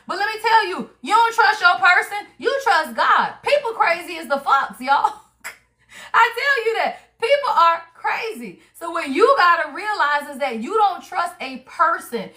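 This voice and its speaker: Woman, tarot reader, high voice, livestream reading, emphatic, slangy. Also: pushed and bright. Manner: emphatic and chatty, talks straight to viewers, casual slang and swearing. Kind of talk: spiritual card reading on a livestream.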